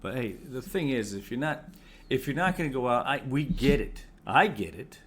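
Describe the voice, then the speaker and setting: A man's voice: medium pitch, lively intonation, moderate pace, fairly bright tone, breathy edge. Blunt, argumentative man in casual chat. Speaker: co-host, bereaved father.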